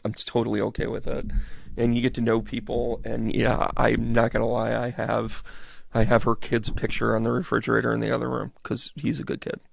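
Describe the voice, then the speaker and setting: Gravelly-voiced man reading tarot live. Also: mid-range voice, no echo. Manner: animated and profane, acting out quick voices. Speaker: medium doing tarot readings. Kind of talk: live-stream tarot reading, chatting with viewers.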